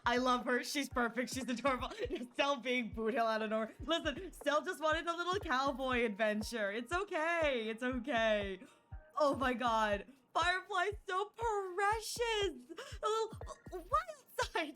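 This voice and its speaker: A woman's voice: high-pitched, expressive, moderate pace, fairly bright tone, faint music behind. A woman chatting casually on a live stream, giggly and full of "like".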